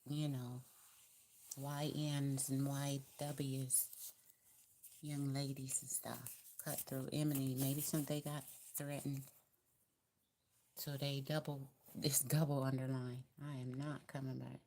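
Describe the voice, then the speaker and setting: A woman's voice: very deep voice, little pitch movement, takes it slowly, pauses often, a little mellow, a little hiss or hum. A woman with a Southern US accent giving a casual tarot card reading, chatty and encouraging, repeating her advice in a colloquial way. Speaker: tarot reader.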